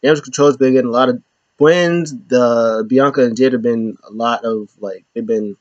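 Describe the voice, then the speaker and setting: A man's voice: mid-range voice, moderate pace, dry recording. A man hosting a casual wrestling recap, talking loosely and rambling with lots of fillers. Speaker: show host. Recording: slightly dull lo-fi, dry.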